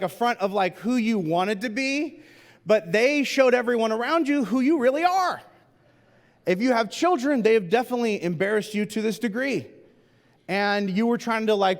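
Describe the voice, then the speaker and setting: A middle-aged male pastor gives a humorous, chatty, self-deprecating sermon sprinkled with plenty of "uh"s and "like"s. His voice sits a bit high for a man, and a long reverb from the church auditorium trails after each phrase.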